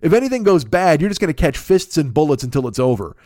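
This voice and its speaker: A man hosting a podcast, telling a long comic anecdote in a casual, profane, animated way into a close mic. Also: on the high side, fast, dry recording. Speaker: podcast host. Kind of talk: casual comedic storytelling.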